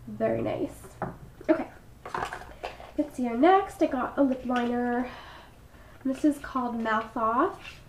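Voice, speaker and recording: A young woman with a stuffy, congested voice from a cold talks through a makeup haul in a chatty, apologetic way. Her pitch sits a touch high, and the room is echoey with a faint hiss behind her. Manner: chatty, apologetic, frequent ums. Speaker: beauty vlogger. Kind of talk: casual product haul.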